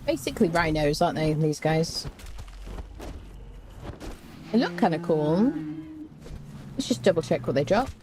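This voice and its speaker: A woman's voice: sits low, animated, a little slow, long pauses, noisy background. A woman streaming a game, chatting playfully with her viewers and humming little tunes as she plays. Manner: chatty, playful, hums and scats while playing; talks to chat, greets viewers. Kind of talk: casual gameplay commentary.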